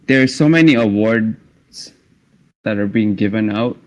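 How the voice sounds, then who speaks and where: A man's voice: fairly low pitch, unhurried, darkish tone, rough recording. A man chatting casually on a podcast, making dry, blunt remarks with the odd swear word. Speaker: podcast co-host or guest. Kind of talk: casual chat.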